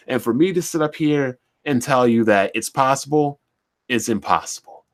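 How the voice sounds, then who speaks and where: Animated man ranting with rhetorical questions. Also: medium pitch, moderate pace. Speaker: commentary channel host. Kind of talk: opinion rant to camera.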